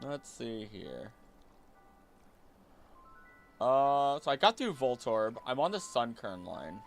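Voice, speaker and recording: A man's voice: mid-range voice, slow pace, faint music behind. Rambling young man streaming. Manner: rambling, excitable, jumps between topics and restarts often. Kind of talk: casual stream chat. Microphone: desk mic.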